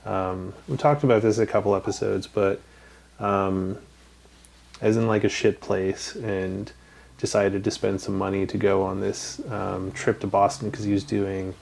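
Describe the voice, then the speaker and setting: A Canadian podcast host tells rambling stories in a casual chat, swearing freely and peppering his talk with ums. His fairly low, a little mellow voice has vocal fry, fairly even intonation, and a slightly slow pace.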